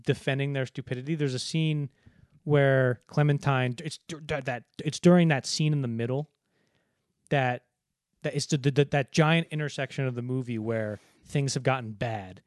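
A man co-hosting a film podcast in casual chat, rambling and acting out movie lines in quick put-on voices. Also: medium pitch, fairly even intonation, dry recording, clean studio sound. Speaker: podcast co-host.

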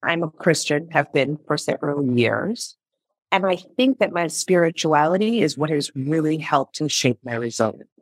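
A woman in her thirties talks through her story as a guest in an interview. Her voice sits fairly low but leaps up and down with lively expression. She acts out her own past lines, and the sound is dry, with no room echo. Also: moderate pace. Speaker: founder and CEO, interview guest. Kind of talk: conversational interview.

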